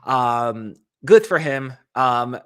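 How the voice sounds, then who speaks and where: A man hosting a casual livestream for a fan channel, chatting in a rambling way and jumping into sudden high notes. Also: drawn-out words. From California. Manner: chatty, rambling, animated with sudden pitch jumps.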